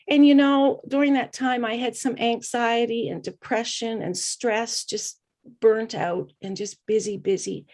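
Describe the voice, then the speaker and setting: Earnest woman with a fairly high voice. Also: a little mellow. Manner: earnest, reflective, with hesitant fillers. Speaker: guest speaker. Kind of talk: personal storytelling.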